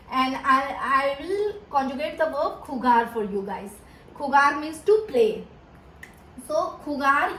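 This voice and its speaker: A woman's voice: sits high, a bit bright. A woman tutoring a grammar lesson, repeating each word several times, with many fillers and restarts. Her first language is Hindi. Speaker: Spanish tutor. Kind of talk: slow, repetitive grammar lesson. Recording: echoey room with faint background noise.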